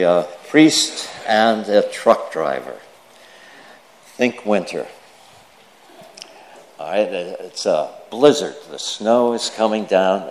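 A man, a priest, reading the gospel and preaching a sermon in a measured storytelling manner. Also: deep voice. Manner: slow, measured delivery with storytelling asides.

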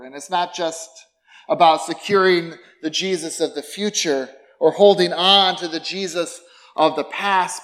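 A middle-aged male pastor delivering a sermon in a slightly higher-than-usual voice. He keeps it conversational, leaning on rhetorical questions and a wry, self-deprecating humor. His tone moves between thoughtful reflection and lively emphasis.

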